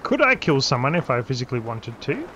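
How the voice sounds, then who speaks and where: Guy streaming a survival game, mid pitch, jokey rambling chat, bit of background hiss. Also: wildly swooping pitch, fast, a bit bright, muffled recording. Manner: joking, trails off mid-sentence. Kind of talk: casual gaming chat.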